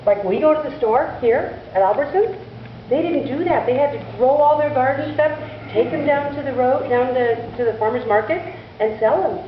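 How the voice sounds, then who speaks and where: A woman telling a church children's story in an animated way, asking the children questions as she goes, in a distant, echoey church recording. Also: high-pitched, moderate pace, highs cut off, slight background noise. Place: church sanctuary.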